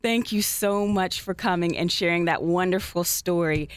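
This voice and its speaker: A woman's voice: lowish voice, moderate pace, clear, resonant tone, dry recording. A woman radio host interviewing a guest in an upbeat, encouraging way.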